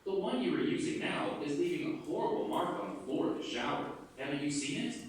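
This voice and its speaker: A man's voice: on the high side, lively intonation, brisk, a little hiss or hum, close to an everyday voice. A man playing a strict roommate who lists his complaints firmly, in a scripted listening exercise played over classroom speakers. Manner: firm, lecturing list of complaints. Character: man named Jim, strict fussy roommate. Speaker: actor in a textbook listening dialogue. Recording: very echoey room, played from far off.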